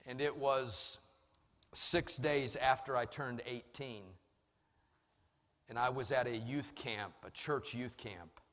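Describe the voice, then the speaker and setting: A man preaching a sermon, telling a personal story and moving between quiet and loud passages. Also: mid-range voice. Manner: storytelling, swings from soft to loud. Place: large church hall. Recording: long hall reverb.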